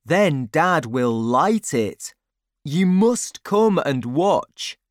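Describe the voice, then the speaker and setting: A friendly young boy, eager and cheerful, welcoming his friends to a party in a storybook, voiced by a woman. His voice sits high and lifts with energy. The sound is close and dry. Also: big pitch swings, very slow, dry recording, heavily acted.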